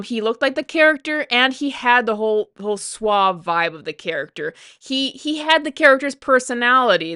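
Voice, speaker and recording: Bright clear-voiced woman ranting on camera, dry close sound, gets fired up. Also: medium pitch, no echo. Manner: animated, indignant, repeats herself. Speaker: YouTube commentator. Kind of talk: opinionated reaction rant.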